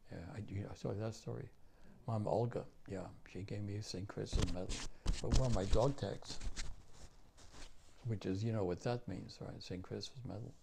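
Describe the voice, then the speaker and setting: Gravelly older New York man. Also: lowish voice, steady tone, background noise. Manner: halting, repeats phrases, many fillers. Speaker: war veteran interviewee. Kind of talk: recounting memories in an interview.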